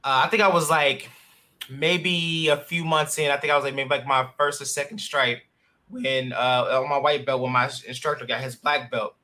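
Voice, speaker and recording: Young male podcast host, bright and sharp tone, loose and easygoing. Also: mid-range voice, normal speed. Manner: relaxed, many fillers. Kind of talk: casual interview chat.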